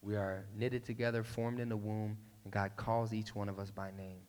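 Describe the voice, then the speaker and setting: A man's voice: on the low side, little pitch movement, moderate pace, darkish tone. Man preaching in an echoing church. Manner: conversational and playful, with sudden emphatic bursts. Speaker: pastor. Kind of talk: sermon. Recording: long reverb in a large hall.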